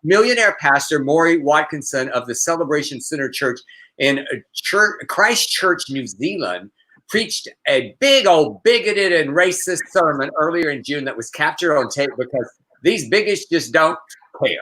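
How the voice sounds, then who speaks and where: A man co-hosting a live news chat show, talking in an animated way and laughing easily. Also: fairly high pitch, moderate pace. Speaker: co-host.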